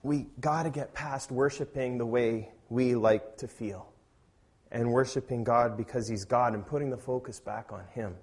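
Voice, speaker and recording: Guy pastor preaching, chatty sermon voice, gets loud and punchy on the scripture bits. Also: medium pitch, steady tone, moderate pace, slightly rough. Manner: conversational preaching that rises to emphatic, loud scripture reading.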